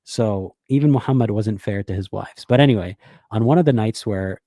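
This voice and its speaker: A man's voice: on the low side, normal speed, warm tone, no echo, clean studio sound. A man giving blunt, sarcastic reaction video commentary, swearing freely and restarting phrases as he thinks aloud. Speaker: YouTube commentator.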